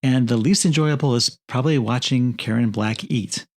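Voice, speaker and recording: A man co-hosts a casual film review podcast, offering dry, wry remarks. His voice sits at an average pitch for a man and carries a gravelly fry. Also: moderate pace. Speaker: podcast co-host.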